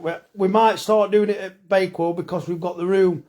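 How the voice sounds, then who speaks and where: A blunt, chatty middle-aged man talks off the cuff on a phone live stream, reading out viewers' comments as they come in. His voice sits a little high for a man, and he swears easily in a friendly way. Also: a little fast, darkish tone, a little hiss or hum. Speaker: farmer and butcher hosting a live stream.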